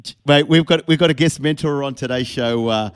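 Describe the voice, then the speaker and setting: A man's voice: medium pitch, fairly quick, clear, resonant tone. Joking man hosting a podcast. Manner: upbeat, joking, playful. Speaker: podcast host. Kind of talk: casual chat.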